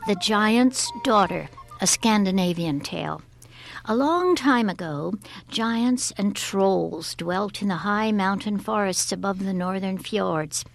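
A woman reading a folk tale aloud as a storyteller, expressive and often dropping to a breathy whisper. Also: mid-range voice, slow pace, faint music behind.

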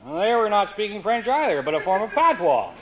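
Dry humorist, high voice. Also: male voice, a little fast, rough recording. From Canada. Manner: dry, wry, deadpan asides. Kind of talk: comic storytelling.

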